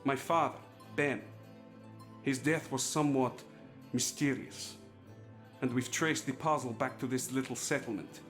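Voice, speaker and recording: A man's voice: medium pitch, unhurried, fairly bright tone, faint music behind, close to an everyday voice. Man voicing an earnest young game son. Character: young adult son, earnest, protective of his mother. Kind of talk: video game voice acting.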